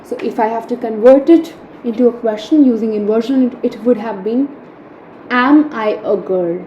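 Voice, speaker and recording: A woman's voice: fairly high pitch, fairly quick, dull audio. A young woman teaching French grammar, explaining step by step and checking in with "right?" after key points. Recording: echoey room, faint hum.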